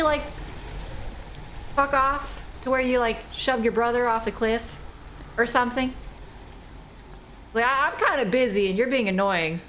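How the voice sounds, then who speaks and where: A woman's voice: fairly high pitch, a bit bright, a little hiss or hum, poor audio. A woman streamer giving casual gameplay commentary, playful and teasing, swearing freely and talking back to the game's characters. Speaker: game streamer.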